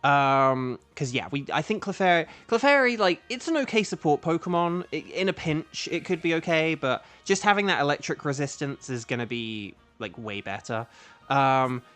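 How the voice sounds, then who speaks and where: A man who voices games, streaming a game and chatting casually, thinking aloud and breaking into loud playful outcries. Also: on the high side, lively intonation, normal speed, faint music behind. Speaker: streamer and voice actor.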